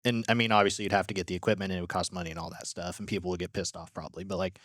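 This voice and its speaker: A man with a lowish voice co-hosts a podcast recorded in a gym. He talks in a relaxed, easygoing way, backing up his partner and trailing off quietly. The recording is dry and close. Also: very fast, no echo. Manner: laid-back, agreeing with frequent "yeah"s, trailing off. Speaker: podcast co-host. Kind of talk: casual chat.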